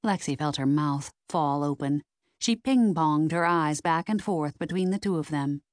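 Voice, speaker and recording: A woman narrating a mystery novel in an expressive, measured reading. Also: low-pitched, no echo, studio quality. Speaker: audiobook narrator.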